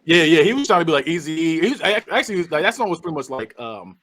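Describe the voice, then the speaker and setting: A man on a podcast, casually recapping a movie plot in an animated way and acting out the characters' lines with bursts of laughter. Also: fairly high pitch, quick pace, a crowd in the background. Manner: animated retelling, acts out characters, laughs often. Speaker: podcast host.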